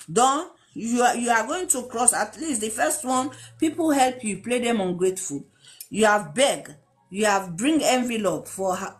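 Emphatic woman. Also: mid-range voice. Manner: emphatic, repeats words, acts out quoted pleas. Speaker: speaker giving life advice. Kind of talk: impassioned moral talk.

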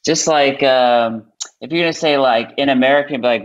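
A man trading jokes with friends on a livestream, his delivery wry and deadpan. His voice sits at an ordinary pitch. The sound is muffled and lo-fi, like a remote call. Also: a little fast. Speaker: comedy troupe member on a livestream. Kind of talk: casual banter. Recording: dull lo-fi stream audio.

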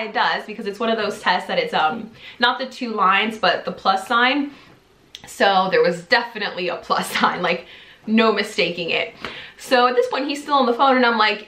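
A young woman vlogger telling a personal story in a casual, animated way, laughing often and acting out what people said in a higher voice. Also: a little fast. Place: home office. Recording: echoey room.

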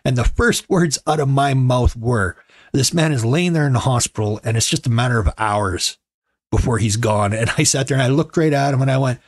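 A man's voice: medium pitch, fairly quick, no room sound, studio quality. A man in his forties hosting a casual show from home, telling stories in a wry, joking, conversational way. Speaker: podcast host. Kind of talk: casual storytelling monologue.

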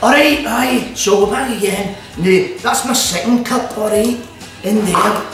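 In an activity centre kitchen, a Scottish-accented man hosts a relaxed cooking demo, chatting away and dropping "all right" and "aye" into his talk. His voice is high, slightly bright and a little slow. The room echoes, the mic sits far away, and music plays in the background.

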